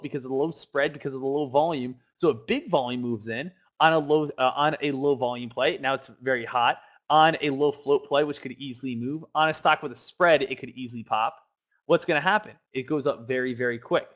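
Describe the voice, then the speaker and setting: A fairly high-voiced man walks through a trading chart in a quick, energetic lesson. He keeps asking rhetorical questions and now and then acts out the voices of eager traders. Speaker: stock trading educator.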